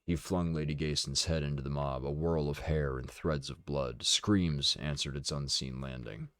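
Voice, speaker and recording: A man streaming a dramatic reading of a novel, steady and deliberate, with casual asides. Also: extremely low pitch, dry recording, clean studio sound. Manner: steady, deliberate narration with occasional swearing asides.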